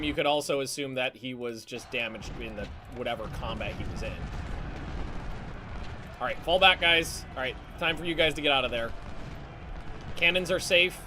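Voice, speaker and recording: A man giving live commentary on a strategy game, talking in halting restarts with casual swearing and barking quick orders to his units. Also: fairly high pitch, sharp tone, a little hiss or hum. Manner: barks quick orders to units, voice jumps up when alarmed. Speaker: streamer.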